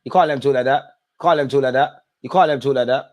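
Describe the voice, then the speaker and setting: A man's voice: mid-range voice, very fast. Exasperated man reacting to a live match. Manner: reactive, exasperated, talks at players and ref. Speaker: football watch-along host. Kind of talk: live match watch-along commentary.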